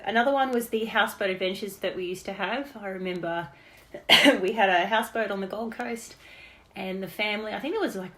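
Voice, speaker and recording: A woman's voice: mid-range voice, fairly bright tone. An Australian woman casually reminiscing in an unrehearsed birthday message, chatty and laughing between stories. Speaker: daughter giving a birthday message.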